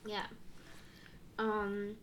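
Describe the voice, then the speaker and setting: A young woman speaking candidly in a casual conversation, halting and full of fillers and restarts. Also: mid-range voice, monotone, a little hiss or hum. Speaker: guest sharing her story.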